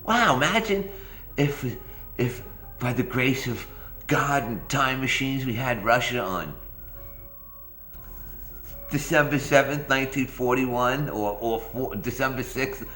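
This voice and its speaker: A man's voice: mid-range voice, slow, pauses often, bright, forceful tone, reverberant, faint music behind. A man hosting a morning rant vlog, rambling and sarcastic, often repeating his phrases. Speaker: vlog host.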